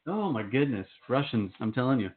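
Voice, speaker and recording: A man's voice: medium pitch, very animated, fairly quick. A man, an author being interviewed, talking in an upbeat, casual and enthusiastic way. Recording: tinny phone-like line.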